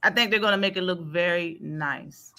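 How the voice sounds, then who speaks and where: A woman hosting a casual live talk stream, blunt and animated, laughing often. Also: on the low side, moderate pace. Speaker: stream host. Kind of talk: casual chat.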